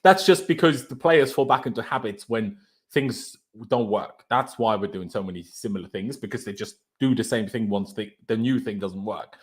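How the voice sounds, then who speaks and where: Rambling man on a fan stream. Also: mid-range voice. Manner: rambling, hesitant, thinks aloud. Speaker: fan channel host. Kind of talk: casual post-match livestream chat.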